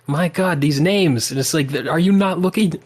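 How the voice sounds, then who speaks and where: Male podcast guest, slightly high, laughing and exasperated. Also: normal speed, a little mellow, breathy edge. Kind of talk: casual fan discussion.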